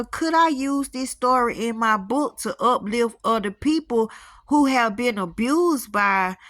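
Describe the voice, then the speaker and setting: Bright-voiced woman telling a story. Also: on the high side, no room sound, clean studio sound. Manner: animated, acts out quoted voices. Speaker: spiritual storyteller. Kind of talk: casual storytelling to viewers.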